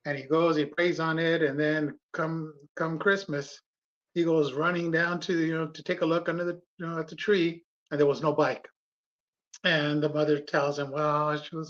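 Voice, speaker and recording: A man's voice: fairly high pitch, flat delivery, moderate pace, fairly bright tone, lo-fi sound. A man on a livestream panel, telling long rambling stories with many fillers and restarts. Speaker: guest panelist. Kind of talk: casual chat on a livestream.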